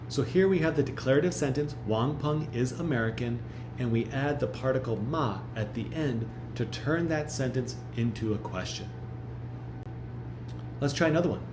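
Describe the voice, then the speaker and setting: A man teaching a recorded language lesson, speaking slowly and carefully and repeating each example phrase. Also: medium pitch, animated, reverberant, background noise. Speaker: Chinese language instructor.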